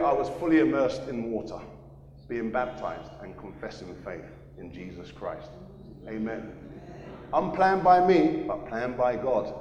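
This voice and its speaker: A man's voice: medium pitch, a little mellow, a little hiss or hum. A man preaching a sermon, earnestly sharing his testimony and repeating phrases for emphasis. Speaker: pastor. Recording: echoey hall.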